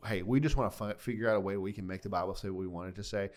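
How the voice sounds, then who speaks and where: A male pastor talks fast in a fairly low voice. He chats casually about a sermon and drives his points home with lively storytelling. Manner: lively storyteller who acts out quotes.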